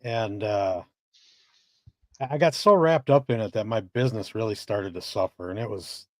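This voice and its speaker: A man's voice: lowish voice, normal speed, a little mellow, no echo, clean studio sound. A man co-hosting a casual live-stream chat, laid-back and swearing freely while reading chat messages aloud. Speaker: co-host.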